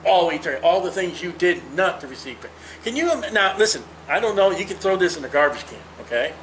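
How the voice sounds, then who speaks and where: A man in his fifties leads a Bible study in a high, earnest voice, preaching conversationally and with emphasis. He speaks to his listeners personally and directly. Faint noise sits under the recording. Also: big pitch swings, fast, a bit bright, rough recording.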